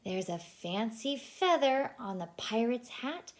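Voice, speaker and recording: A woman childcare teacher reading a picture book aloud to young children, asking them questions and dropping into a hushed whisper for suspense. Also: on the high side, slow, hardly any pauses. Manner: animated, asks the children questions.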